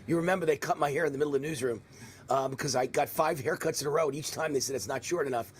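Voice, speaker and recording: A man in his sixties hosting a live political talk stream, with a faint New York accent and a rambling, animated manner full of mocking asides. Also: medium pitch, racing, breathy edge. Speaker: host.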